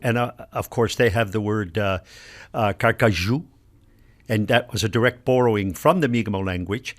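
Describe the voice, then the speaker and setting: A man's voice: on the low side, moderate pace. An older man from Nova Scotia, Canada, an elder and linguist, patiently explaining words one by one with examples in a radio conversation.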